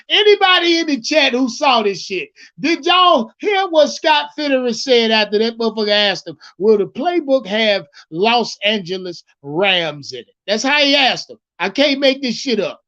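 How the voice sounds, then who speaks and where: A man's voice: extremely high pitch, lively intonation, normal speed, hardly any pauses, bright, forceful tone. Profane, rambling man on a lo-fi stream. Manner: profane, rambling, repeats himself, addresses the chat. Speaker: livestream sports commentator. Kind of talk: casual livestream chat with viewers.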